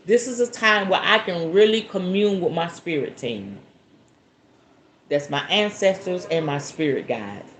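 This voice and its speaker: A spiritualist host from the Southern United States, speaking with a Southern American accent, answers viewer questions in a casual live talk. She's chatty and folksy, calls listeners "y'all" and "baby," and breaks into bursts of laughter. Her fairly low voice is expressive and a little slow, with slight background noise.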